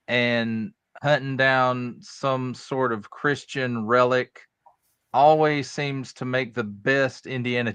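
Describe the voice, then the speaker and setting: A man's voice: medium pitch, a bit bright, smooth, no echo. A man giving his casual take on a movie in an easygoing, chatty way. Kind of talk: casual movie review chat.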